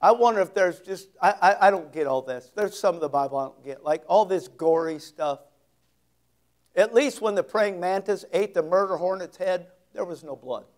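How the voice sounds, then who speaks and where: This is a high-voiced male preacher working through a passage in expository style. Scripture comes out slow and heavily stressed, broken up by homespun side comments.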